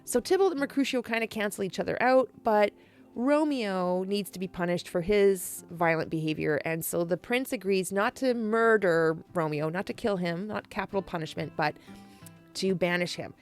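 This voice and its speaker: A woman casually retelling a classic play in a chatty, animated way, laughing and swearing often. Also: medium pitch, moderate pace, soft background music. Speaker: storyteller.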